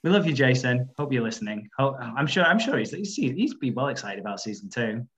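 A man's voice: medium pitch, very animated, fairly quick, fairly bright tone. A man hosting a rewatch podcast, chatting casually with frequent fillers and laughs. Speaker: podcast host.

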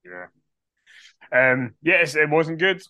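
A man's voice: a little high, sing-song, slow, bright, forceful tone, no room sound. Chatty man with a dry, close sound. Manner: chatty, reads out quotes with frequent ums. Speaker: podcast co-host. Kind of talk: casual wrestling podcast chat.

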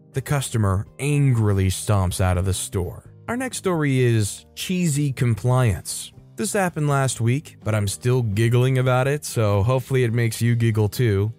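A man's voice: medium pitch, lively intonation, normal speed, hardly any pauses, a little mellow, soft background music. Man narrating internet stories. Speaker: story narrator. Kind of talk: reading stories aloud.

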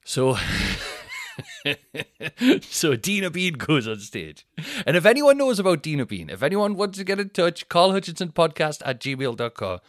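A man's voice: on the high side, big pitch swings, a little slow, no room sound, studio quality. Rambling self-mocking man. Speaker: podcast host. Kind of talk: casual storytelling monologue.

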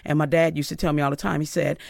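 Speaking rapid-fire in a gravelly voice, this celebrity hairstylist from Inglewood, California, is a middle-aged guest on a radio show. She tells stories animatedly, voicing the people in them with dramatic pitch leaps, and there's no echo.

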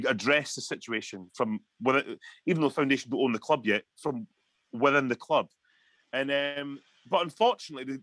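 Man, Scottish accent, heated ranting, podcast chat, slightly high pitch. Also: fairly bright tone, dry recording. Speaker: podcast co-host. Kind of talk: casual chat.

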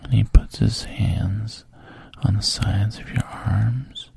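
A man telling a whispered role-play story directly to the listener, his low voice gravelly and very breathy. He speaks slowly and darkly, close to a dry mic. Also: steady tone, no echo. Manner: second-person storytelling, soft and intimate. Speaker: narrator.

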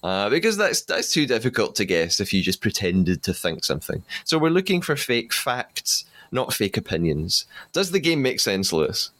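A man's voice: on the low side, very animated, normal speed, hardly any pauses, fairly bright tone. A man hosting a podcast interview in a chatty way, laughing easily between questions. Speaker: podcast host.

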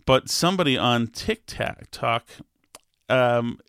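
A man's voice: mid-range voice, expressive, creaky, a bit bright, clean tone, no room sound, clean studio sound. A man talking casually on his own, hesitant with many restarts, laughing as he reads comments aloud. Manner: halting, many restarts, laughs while reading. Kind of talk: casual solo talk, reading comments aloud.

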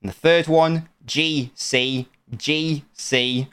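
A man's voice: a little high, steady tone, a bit bright, clean tone. Playful man hosting a quiz. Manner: playful, teasing, quick to laugh. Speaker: podcast host running a quiz. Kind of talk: casual podcast chat.

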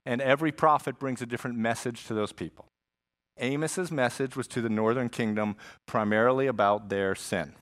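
A man preaching a sermon as a pastor, teaching in an animated style with asides and jokes. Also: mid-range voice, brisk.

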